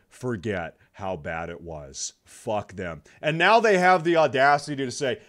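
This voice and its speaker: A young man reacting to a video as a streamer, gloating and swearing, swinging between muttered asides and loud angry outbursts. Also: medium pitch, lively intonation, unhurried, few pauses. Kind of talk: casual reaction commentary.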